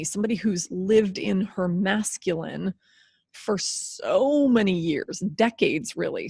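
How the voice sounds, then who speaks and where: A woman's voice: fairly low pitch, creaky, darkish tone, slightly rough, dry recording, studio quality. A woman in her fifties hosting a solo podcast, talking candidly and with animation, laughing and swearing freely. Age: 50s. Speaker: podcast host.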